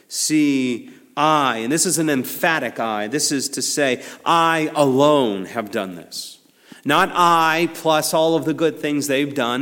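Man preaching in a reverberant hall. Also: a bit bright. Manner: conversational, builds to emphatic peaks then drops low. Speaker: pastor. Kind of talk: sermon.

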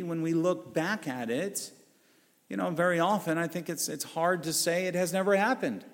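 A man's voice: fairly high pitch, big-room sound. A pastor preaching a sermon in an earnest, conversational way, often restarting his phrases.

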